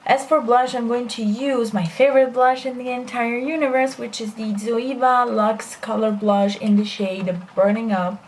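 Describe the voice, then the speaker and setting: A young woman beauty vlogger talks casually through a makeup tutorial, poking fun at herself and using plenty of fillers. Her voice sits in the mid range, with slight background noise.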